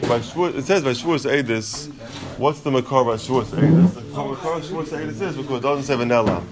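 A man's voice: medium pitch, fast talker, heavy background noise. Man teaching a Talmud class. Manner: reasons aloud, questioning, mixes in Hebrew and Yiddish terms.

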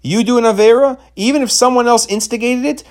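A man's voice: extremely high pitch, fast. A man giving a Torah class lecture, asking rhetorical questions and mixing in Hebrew terms.

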